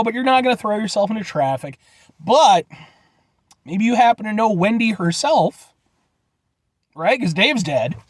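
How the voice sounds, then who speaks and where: A man's voice: extremely high pitch, no echo. A man giving a rambling, jokey casual vlog review, often addressing viewers as folks. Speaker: food reviewer.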